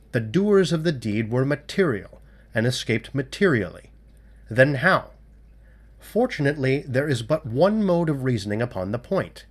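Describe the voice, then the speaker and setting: A cool-headed male detective walks through his deductions in a measured, lecturing manner, read by a man in an audiobook. His delivery rises and falls with lively, expressive pitch. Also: close to an everyday voice. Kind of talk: audiobook reading.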